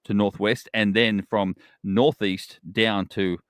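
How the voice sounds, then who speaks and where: A man's voice: lowish voice, takes it slowly, no echo, clean studio sound. A man, co-hosting a casual podcast and joking around with his partner. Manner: chatty, teasing, animated storytelling. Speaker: podcast co-host.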